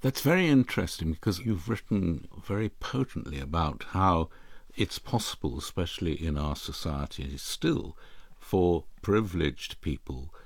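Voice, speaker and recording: A man interviewing a guest, asking calm and articulate questions and introducing music. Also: low voice, normal speed, no echo.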